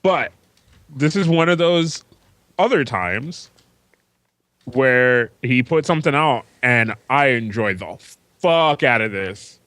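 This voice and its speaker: A man's voice: medium pitch, expressive, takes it slowly, fairly bright tone, dry recording. A man co-hosting a music podcast, chatting casually and enthusiastically, swearing freely. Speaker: podcast co-host. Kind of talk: casual chat about music.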